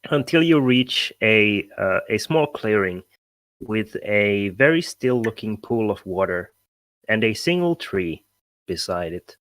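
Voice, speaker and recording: A man narrating a tabletop game as game master, unhurried and often chuckling. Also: lowish voice, expressive, a bit bright, dry recording.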